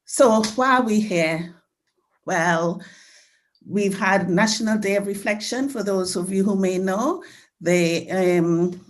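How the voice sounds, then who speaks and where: A woman hosting an online community remembrance event over a video call, earnest and heartfelt, still choked up with emotion. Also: mid-range voice. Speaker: host.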